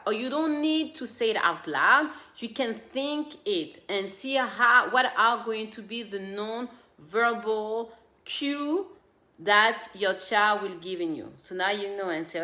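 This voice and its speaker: A woman's voice: medium pitch, lively intonation, slow pace, pushed and bright. A woman who hosts a parenting show, giving earnest, direct advice to parents and mixing in her own stories. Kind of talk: casual advice talk. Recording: echoey room.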